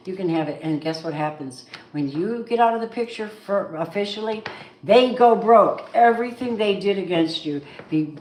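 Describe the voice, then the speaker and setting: A woman with a fairly low voice gives a live tarot reading, chatting along and now and then rising into emphatic, preacher-like bursts. The room is echoey, and a faint hiss sits under her voice. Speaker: tarot reader.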